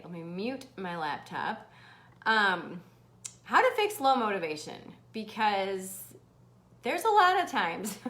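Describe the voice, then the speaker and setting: A woman hosting a live motivational stream in a bubbly, animated manner, laughing often and swearing casually. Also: fairly high pitch. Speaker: host. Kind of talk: livestream motivational talk.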